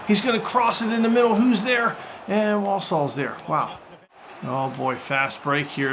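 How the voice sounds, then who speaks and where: Excitable man doing mock football commentary. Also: high-pitched, noisy background. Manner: mock sportscaster, excitable, jokey. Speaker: gaming YouTuber. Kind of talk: let's-play commentary.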